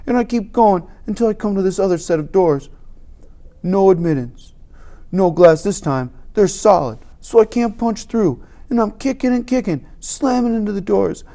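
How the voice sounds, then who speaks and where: A reader giving an animated, emphatic first-person narration of a novel. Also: medium pitch. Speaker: audiobook reader.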